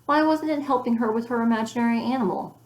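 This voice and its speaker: A woman's voice: fairly high pitch, fast. Woman reading a children's story. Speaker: audiobook reader. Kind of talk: storybook narration. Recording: roomy echo.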